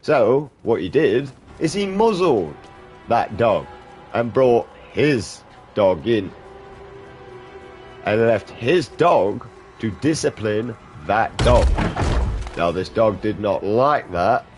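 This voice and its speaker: A man's voice: lowish voice, sing-song, slow, darkish tone, soft background music. A man gaming streamer chatting casually while he plays, blunt and sweary, rambling from point to point. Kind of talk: casual chat while playing a game.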